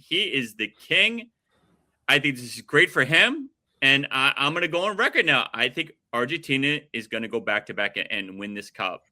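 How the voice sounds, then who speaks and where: A man's voice: mid-range voice, pushed and bright. A man hosting a casual sports talk show, moving the chat along between his co-hosts. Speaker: podcast host.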